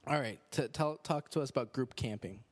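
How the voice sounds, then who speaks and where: Male podcast host, middle pitch, deadpan and sarcastic, casual chat. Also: a little fast. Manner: dry, sarcastic, joking. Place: indoors on a couch.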